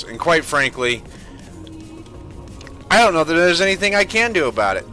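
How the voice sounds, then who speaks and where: A man commentating his own gameplay in a bright, forceful voice that swings up and down a lot. He rants in exasperation and swears freely, with faint music playing behind him. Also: mid-range voice, big pitch swings, moderate pace, pauses often. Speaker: gaming streamer.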